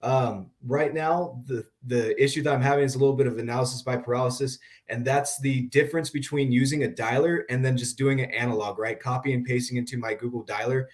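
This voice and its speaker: A man calling in with questions, speaking briskly and eagerly. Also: mid-range voice, steady tone. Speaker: caller. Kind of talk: casual question.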